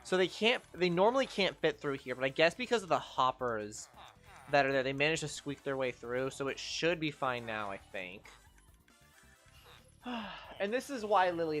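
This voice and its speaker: A woman's voice: low-pitched, expressive, normal speed, faint music behind. A young woman streaming gameplay, ranting in exasperation, swearing and scolding the game's creatures as she plays. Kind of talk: live gameplay commentary.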